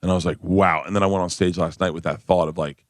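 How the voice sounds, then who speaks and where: A comedian in his fifties telling stories as a guest on a radio show, acting out quotes with a shrill voice. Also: steady tone, very fast, darkish tone, no room sound, clean studio sound. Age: 50s. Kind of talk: casual storytelling chat. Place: radio studio.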